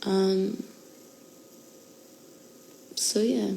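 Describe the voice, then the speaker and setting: A woman's voice: mid-range voice, fairly even intonation, drawn-out words, vocal fry, warm tone, rough recording. A young woman in her twenties talking candidly and emotionally to fans in a casual livestream, with many fillers. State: out of breath.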